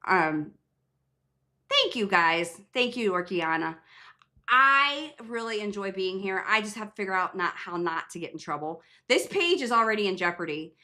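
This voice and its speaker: A woman's voice: medium pitch, bright, forceful tone. Chatty rambling woman on a livestream. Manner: chatty, rambling, many fillers and restarts. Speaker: nurse practitioner hosting a live Q&A. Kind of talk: casual livestream chat.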